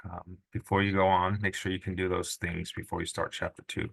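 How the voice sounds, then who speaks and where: A man teaching a recorded language lesson, relaxed and chatty, with many fillers. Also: deep voice, fairly quick, vocal fry, breathy edge. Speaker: Greek teacher.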